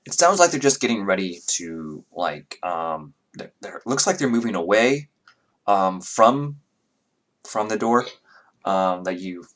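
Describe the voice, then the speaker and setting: A man's voice: sits low, sing-song, unhurried, fairly bright tone. A man narrating as game master, rambling with many fillers and self-corrections.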